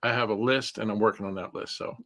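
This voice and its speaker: A middle-aged man co-hosting a live Q&A stream, speaking in a measured, earnest way as he explains things step by step. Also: fairly low pitch, steady tone, sharp tone. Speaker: co-host.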